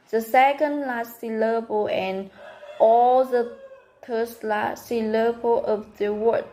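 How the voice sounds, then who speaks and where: A woman whose first language is Vietnamese, reading a prepared class presentation slowly and carefully, pausing between words. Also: fairly high pitch, mellow, low-quality recording. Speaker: student presenter.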